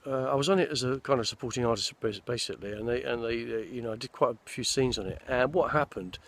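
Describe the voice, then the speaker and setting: Older guy rambling on about his acting days outside in the woods, creaky voice, average pitch. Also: fast. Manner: rambling, meandering storytelling with restarts. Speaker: actor recounting his career. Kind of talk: casual anecdotal chat. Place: outdoors in a forest.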